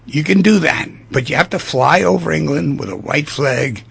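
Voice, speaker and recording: A man voicing a wounded English pilot held captive, earnest and bargaining, in a gravelly, husky voice. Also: a little high, moderate pace, a bit bright, heavily acted.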